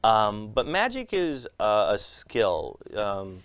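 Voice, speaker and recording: A man's voice: lowish voice, slow pace, smooth, dry recording. A man, a comedian and magician, telling stories in an interview and acting out the voices of the people in them. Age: adult with a young son. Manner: lively storyteller acting out quotes in raised voices. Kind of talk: animated interview storytelling.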